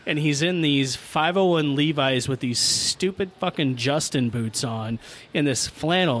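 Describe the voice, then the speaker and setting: A middle-aged man hosting a podcast, telling a childhood story in a profane, animated way and laughing as he goes. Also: on the high side, measured pace, a little hiss or hum. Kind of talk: casual storytelling among friends.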